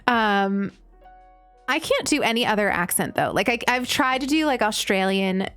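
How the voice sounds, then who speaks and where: A woman's voice: medium pitch, moderate pace, clear, resonant tone, soft background music. A young American woman streaming a game, chatting casually with her chat and telling stories with lots of laughter. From United States. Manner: chatty, giggly, animated storytelling. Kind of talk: casual chat while gaming, reading chat.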